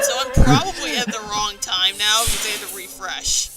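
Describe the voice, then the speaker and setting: A man's voice: high voice, big pitch swings, fairly quick, low-quality recording. A man commenting on a video game in casual chat, sarcastic and swearing. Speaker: let's play commentator. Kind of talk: casual chat over gameplay. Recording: loud game music behind.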